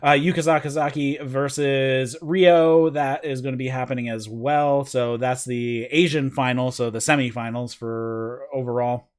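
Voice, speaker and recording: A man's voice: medium pitch, steady tone, normal speed, few pauses. A man hosting a casual wrestling review podcast, rambling with lots of fillers and stumbling over names. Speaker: podcast host.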